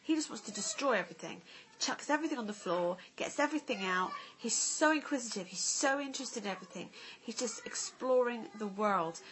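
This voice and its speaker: A woman's voice: on the high side, animated, a little fast, noisy background. A woman, a mother vlogging at home, chatting candidly to camera with lots of "like" and "you know". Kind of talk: casual chat to camera. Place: family home.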